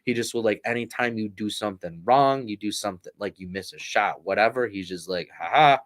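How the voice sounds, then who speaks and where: A man with a somewhat low voice chats loosely on a sports podcast. He rambles through stories, leaning on "like" at every turn and laughing as he goes. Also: brisk, a bit bright. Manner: rambling, heavy use of "like", laughs at his own stories. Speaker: podcast co-host. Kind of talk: casual sports chat.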